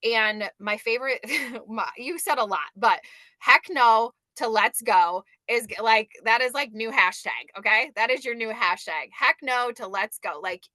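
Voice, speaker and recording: Bright, emphatic woman cheering someone on. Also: fairly high pitch, a little slow, no echo. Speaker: host and team leader. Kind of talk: encouraging video call talk.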